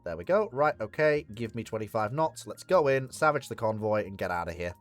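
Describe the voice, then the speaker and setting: A man's voice: fairly low pitch, brisk, soft background music. A man commentating live on a naval strategy game, swearing and talking to the ships on screen. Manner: swearing, excitable, talks to the game. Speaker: streamer.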